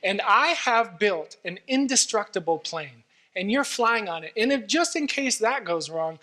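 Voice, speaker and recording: A man's voice: high-pitched, animated, unhurried, pushed and bright, full character voice. A man playing a confident, boastful superhero promising to carry the plane, in a sermon illustration. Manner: boastful, upbeat. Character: confident heroic male superhero.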